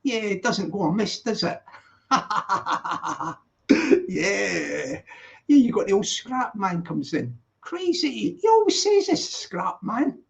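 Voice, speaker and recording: Greeting his viewers in loose, rambling chat peppered with "yeah," a sixties-aged streamer from Glasgow speaks with a Glaswegian accent shaded by London. His voice is high-pitched with huge pitch swings, a slow pace, and vocal fry. The lo-fi stream audio is dull.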